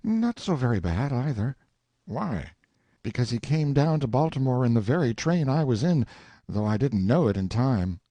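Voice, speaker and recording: A man's voice: mid-range voice, sing-song, moderate pace, mellow, dry recording, highs cut off, voice pushed up. A man voicing an earnest, eager young man who speaks plainly and trustingly.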